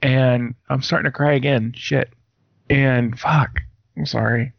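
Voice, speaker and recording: A young man in casual chat as a podcast co-host, excitedly retelling scenes and swearing. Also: medium pitch, a little slow, creaky, dry recording. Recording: dull lo-fi sound.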